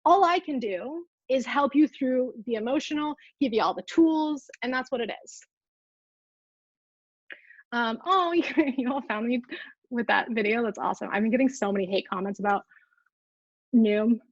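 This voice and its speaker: A woman's voice: a little high, normal speed, long pauses, dry recording, dull audio. A young woman coach giving a casual live-streamed talk, full of "like" and asides to viewer comments. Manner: casual, filler-heavy, reacts to live comments. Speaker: food freedom coach. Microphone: earbuds.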